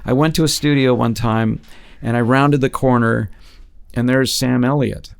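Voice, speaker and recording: Gravelly-voiced man telling lively stories. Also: medium pitch, normal speed. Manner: animated, jumps into quoted voices. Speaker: guest impressionist and actor. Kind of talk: casual interview storytelling.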